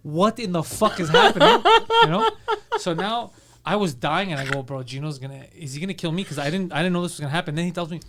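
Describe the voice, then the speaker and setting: A man co-hosting a comedy podcast, telling animated stories in casual chat and laughing often. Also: fairly high pitch, quick pace, a little hiss or hum. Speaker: comedian co-host.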